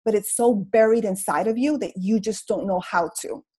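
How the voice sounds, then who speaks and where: A middle-aged woman telling her story on a video call, in a comical, slangy, animated way. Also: mid-range voice, moderate pace, slightly rough, low-quality recording. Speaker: guest speaker sharing her story. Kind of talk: casual motivational talk on a video call.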